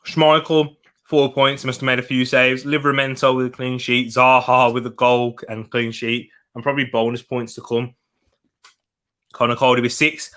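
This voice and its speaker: A man's voice: medium pitch, flat delivery, moderate pace, sharp tone. A young man hosting a casual football watch-along, chatting to viewers while eating and laughing often. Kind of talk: casual live-stream chat reading comments.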